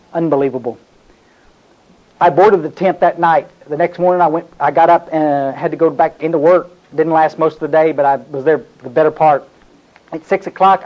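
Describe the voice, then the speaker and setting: A man's voice: sits high, darkish tone. A man from North Texas, giving an earnest, confessional talk at a recovery meeting. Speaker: speaker sharing his recovery story. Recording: dull, lo-fi recording.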